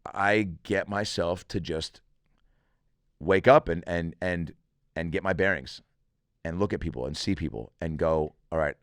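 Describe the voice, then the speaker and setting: A middle-aged comedian with a low voice, recorded close and dry with no room sound. He tells a story casually and profanely, animating the people he quotes. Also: measured pace, dry recording. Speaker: comedian podcast host.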